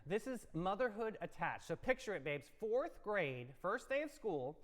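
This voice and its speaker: A man's voice: sits high, big pitch swings, normal speed. A man co-hosting a morning show, reading playful horoscopes and telling a funny story in an upbeat, theatrical way. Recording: long reverb.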